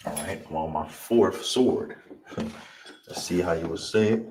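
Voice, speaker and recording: A man teaching a language class, breaking words into syllables and repeating each one slowly. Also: deep voice, darkish tone. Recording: distant mic with clear background noise.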